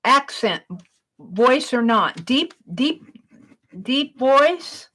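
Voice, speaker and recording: Woman, livestream host, high bright voice, unhurried, reads viewer questions aloud and praises them. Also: lively intonation.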